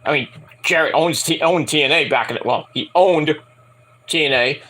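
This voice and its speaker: A young man casually rambling through a wrestling show review, breaking into shouted impressions of the wrestlers. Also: fairly high pitch, normal speed. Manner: rambling, animated, mimics wrestlers in shouted bursts.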